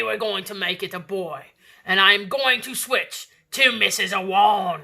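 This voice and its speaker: During an online children's art lesson, a woman playfully drifts in and out of a put-on pirate voice. She speaks a little slowly, in a mid-range voice that is gravelly, bright, and forceful.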